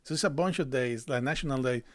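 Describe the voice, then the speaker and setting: Man speaking halting, English. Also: medium pitch. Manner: halting, many fillers and restarts, non-native phrasing. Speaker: guest, marketing business owner. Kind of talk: casual podcast chat.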